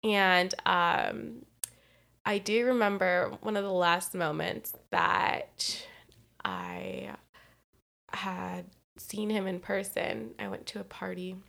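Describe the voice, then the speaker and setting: A woman's voice: mid-range voice, steady tone, slow, gravelly, a bit bright. A woman in her twenties from California, a podcast co-host telling a personal story in casual chat, candid and profane, often laughing mid-sentence.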